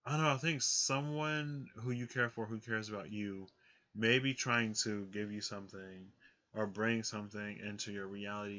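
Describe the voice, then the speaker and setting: A man on a casual tarot reading, rambling and filler-heavy, with a low but bright, forceful voice. The recording is dull and lo-fi, like a cheap home mic. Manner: rambling, lots of "like" and "um", laughs often. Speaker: tarot reader.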